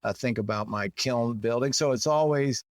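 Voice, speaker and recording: A man in his sixties, talking loosely and at length as a podcast guest. He rambles, restarts his thoughts and jumps into a higher, playful voice when he acts out what people say. The sound is dry and close, with no room around it. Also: normal speed, dry recording. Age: 60s. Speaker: guest potter. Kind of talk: casual interview.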